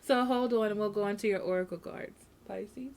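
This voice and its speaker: A woman's voice: medium pitch, normal speed, darkish tone. A woman giving a casual tarot reading at home, speaking frankly and repeating herself, often checking in with "okay?". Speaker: tarot reader.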